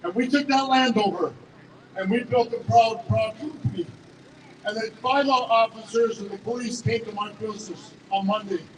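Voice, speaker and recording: A man giving an emotional, stammering speech at an outdoor protest rally, heard through an echoey loudspeaker from a distance. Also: high-pitched, moderate pace, noisy background. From Canada. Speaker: rally speaker, business owner. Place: outdoor city square rally.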